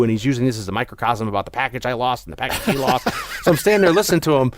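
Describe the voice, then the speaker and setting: A man's voice: medium pitch, expressive, rapid-fire, few pauses, dry recording. A young man hosting a podcast, chatting casually and telling a rambling story with many restarts. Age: young adult. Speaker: podcast host. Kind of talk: casual chat.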